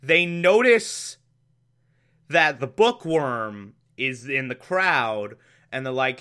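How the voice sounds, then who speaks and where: Drawling, bright-voiced sarcastic TV reviewer, casual recap. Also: mid-range voice, expressive, takes it slowly. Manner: sarcastic, exasperated, bursts into laughter. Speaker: TV episode reviewer.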